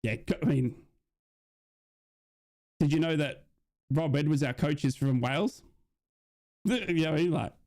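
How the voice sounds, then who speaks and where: An Australian man with a slightly raised voice, chatting live with viewers while watching a match. He rambles, gets worked up quickly, and keeps tossing in "you know what I mean?". He sounds like a casual streamer talking to his audience. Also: fairly high pitch, darkish tone. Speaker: football watch-along streamer. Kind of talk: live commentary chat with viewers.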